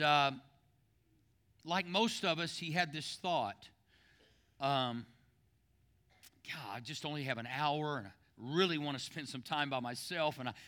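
A man's voice: on the high side, pushed and bright. A man pastor preaching a sermon, telling a joke story and repeating words as he builds to emphatic scripture reading.

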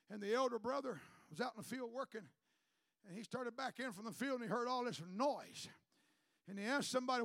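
A man preaching a sermon to his congregation, building to shouted climaxes and calling for a response. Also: very high-pitched, normal speed, vocal fry, pauses often, no echo, studio quality. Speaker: pastor.

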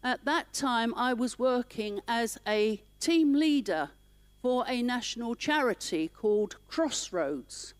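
A woman's voice: fairly high pitch, lively intonation, slow pace, no echo. A middle-aged woman minister telling her personal story in church, emotional and conversational.

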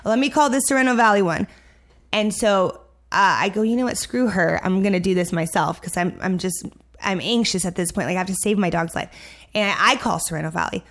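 The young adult woman co-host speaks fairly quickly at a medium pitch while telling a story in casual conversation. She's animated, giving the people she quotes their own voices.

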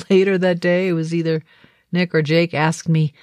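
A woman's voice: lowish voice, little pitch movement, moderate pace, darkish tone, no room sound, clean studio sound. A middle-aged woman from the Boston area with a faint Boston accent, chatting through a casual daily video diary with light laughs. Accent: Boston, mostly softened. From Boston area, Massachusetts. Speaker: video diarist.

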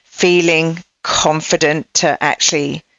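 A woman hosting a podcast interview, speaking in a thoughtful, measured way. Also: low-pitched, steady tone, a bit bright, dry recording. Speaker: podcast host. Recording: dull dry podcast audio.

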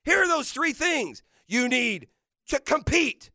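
A man hosting sports radio, delivering a fiery, mocking rant with shouted bursts. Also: extremely high pitch, sing-song, takes it slowly, no echo, studio quality. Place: radio studio.

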